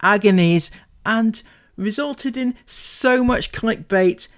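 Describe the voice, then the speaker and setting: A man's voice: sits high, slow, a bit bright, smooth. A man hosting a commentary video, making dry, mocking asides about vlog clips. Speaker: commentary YouTuber.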